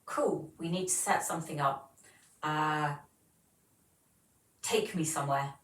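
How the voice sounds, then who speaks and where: A woman's voice: low voice, takes it slowly, fairly bright tone, roomy sound, distant mic, poor audio. A woman, hosting a casual livestream and chatting as she reads viewer comments aloud. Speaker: livestream host.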